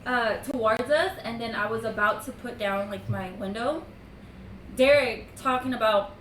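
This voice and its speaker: A woman telling a story in casual chat, talking fast with lots of "like" and frequent laughter. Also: on the high side, a bit bright. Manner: chatty, laughs often, peppered with "like". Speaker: streamer's girlfriend telling a story. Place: room at home. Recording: echoey room, mic at a distance, faint hiss.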